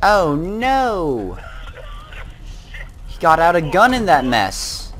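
A man's voice: on the high side, sing-song, normal speed, noisy background. Chatty man rambling over a game. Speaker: let's play gamer. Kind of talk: casual let's play commentary.

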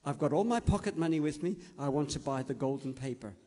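A man's voice: fairly high pitch, animated, fast, darkish tone, pitched below the performer's own voice. A man voicing an eight-year-old girl who is insistent and secretive, in a children's story told aloud. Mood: determined.

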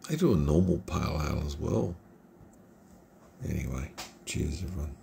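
A man's voice: extremely low pitch, animated, moderate pace, creaky, warm tone, slight background noise. A middle-aged man from Australia giving a casual, rambling beer review at night in his computer room at home. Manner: rambling, chatty and informal.

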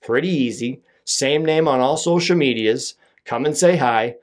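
A man's voice: mid-range voice, unhurried. A young man hosting his own podcast alone, rambling casually with frequent swearing and self-deprecating asides. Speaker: podcast host. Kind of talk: solo podcast monologue.

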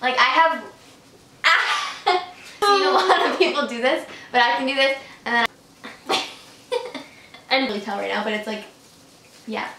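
A woman's voice: high voice, measured pace, long pauses, recorded from a distance, background noise. A young woman chatting casually with a friend, giggling and often trailing off mid-sentence. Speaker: co-host friend. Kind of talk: casual chat. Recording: echoey room, off-mic.

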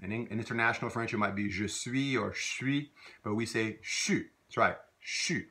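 A man teaching a video language lesson, patiently repeating phrases slowly for learners to copy. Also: on the low side, bright, forceful tone.

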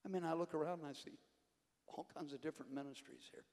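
An older man preaching a sermon, fervent, rising to shouts and dropping low. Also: fast. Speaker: conference preacher. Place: church sanctuary. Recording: long hall reverb, faint music behind.

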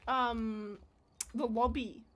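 Brief: high-voiced woman, game streamer, erratic volume, profane and self-mocking. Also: steady tone, extremely slow, slight background noise. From Australia. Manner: loud, swings from mumbling to screaming; swears freely, self-mocking. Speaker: livestreamer. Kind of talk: casual streaming chat.

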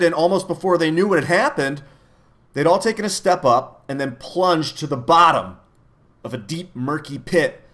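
A reader with a medium-pitched male voice reads a children's novel aloud at a moderate pace. His storytelling is expressive.

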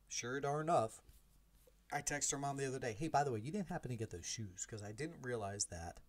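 With a mid-range voice, this man in his forties hosts a podcast and recounts something that happened to him, animatedly performing the dialogue and poking fun at himself along the way.

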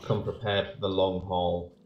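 A man's voice: sits low, level tone, normal speed, a little mellow. A man co-hosting a let's play, trading dry, absurd jokes in casual banter. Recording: roomy lo-fi sound with faint music.

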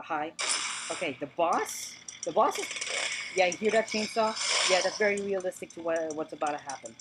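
A woman's voice: fairly low pitch, heavy background noise. A woman hosting a let's play video, talking chattily over her gameplay, repeating words and joking with the characters on screen. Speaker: gaming channel host.

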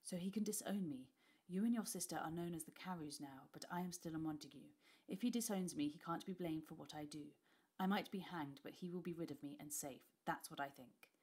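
A woman voicing a frightened, weary Tudor father who speaks in an urgent, hushed voice. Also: low voice, a little fast, slightly rough.

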